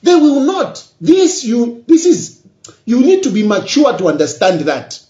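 A man's voice: extremely high pitch, wildly swooping pitch, a little slow, warm tone. A Zambian man talking to his audience in an emphatic, repetitive way that builds to insistence. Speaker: politician. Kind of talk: political address to social media. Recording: echoey, dull lo-fi room sound.

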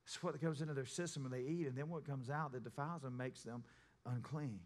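An adult pastor and parent preaches in a church sanctuary, telling stories conversationally and acting out the voices of the people in them. His mid-range voice has fairly even intonation and moves a little fast. Long church reverb and faint music fill the recording.

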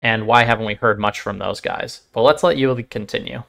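A man's voice: fairly low pitch, a little fast, gravelly, a bit bright. A man hosting a channel and reacting to a clip, talking it through reflectively and asking lots of questions. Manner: reflective, asks a lot of questions. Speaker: channel host. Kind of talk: reaction commentary.

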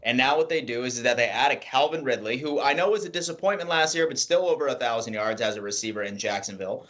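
A man co-hosting a sports show, giving measured, emphatic football analysis. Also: medium pitch, lively intonation, fairly bright tone, highs cut off. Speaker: sports podcast co-host.

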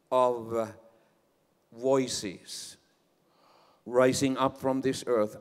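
A man interpreting a sermon in a large church hall, halting and emphatic. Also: mid-range voice, clear, resonant tone. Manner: halting, emphatic, swelling into loud praise. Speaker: interpreter for the preacher. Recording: long church reverb.

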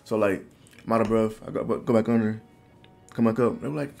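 A man in his twenties telling a personal story to the camera in a casual, animated, slangy way. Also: lowish voice, fairly quick, gravelly, long pauses. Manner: animated, loose slangy talk full of "bro". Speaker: vlogger.

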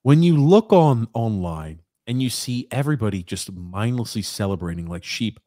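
A man hosting a casual sports podcast, animated and joking as he rants. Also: lowish voice, moderate pace. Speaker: podcast host.

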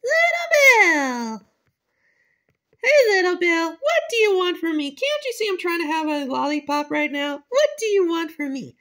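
A woman's voice: extremely high pitch, animated. A woman voicing a little girl bear cub who whines and pleads, in a fan-made cartoon. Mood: indignant. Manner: whiny, pleading, quick to cry out.

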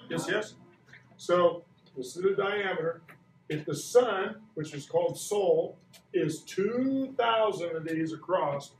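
A man's voice: high voice, slight background noise. Playful man in his sixties teaching kids. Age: 60s. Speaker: science teacher. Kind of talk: classroom lesson. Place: school classroom. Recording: echoey classroom from far off.

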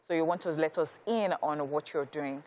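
A woman hosting an interview, chatty and quick to laugh as she asks questions. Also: sits low, a little mellow, a little hiss or hum. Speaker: interview host. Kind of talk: casual interview chat.

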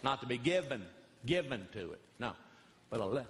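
A man, a comedian and pastor who tells animated, folksy stories and repeats phrases for effect. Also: mid-range voice, a little fast, background noise. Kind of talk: stand-up comedy storytelling. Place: large church hall before an audience. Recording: reverberant hall, live audience.

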